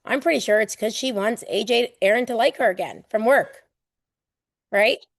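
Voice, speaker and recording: A woman's voice: fairly high pitch, normal speed, creaky, dry recording, clean studio sound. A woman running a live online exam prep class in a loose, playful way. She acts out everyday examples and swears casually.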